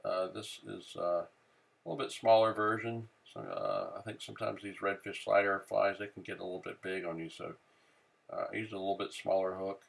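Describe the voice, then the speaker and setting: Low gravelly man explaining a craft. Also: fairly quick. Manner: relaxed, many "uh" fillers, thinking aloud while working. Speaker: fly tying instructor. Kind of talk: casual how-to narration.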